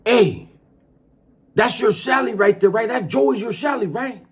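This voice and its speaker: A man voicing a big, aggressive male prison inmate who yells and bullies in streetwise slang. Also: fairly high pitch, quick pace, breathy edge, voice pushed up. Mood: angry. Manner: yelling, streetwise slang, bullying.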